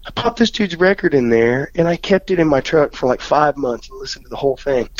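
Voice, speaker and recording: A man's voice: fairly high pitch, expressive, fairly quick, dry recording, lo-fi sound. A man, a touring songwriter, telling stories in a casual interview, laughing often and acting out what people said. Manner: laid-back, laughs often, acts out dialogue.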